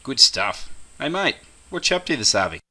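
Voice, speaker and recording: A man's voice: medium pitch, big pitch swings, moderate pace, pushed and bright, full character voice. A man playing a cheery Australian mate calling about a barbecue, with easygoing slangy chatter and an Australian accent. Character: cheery Aussie mate on the phone. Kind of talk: scripted comedy sketch.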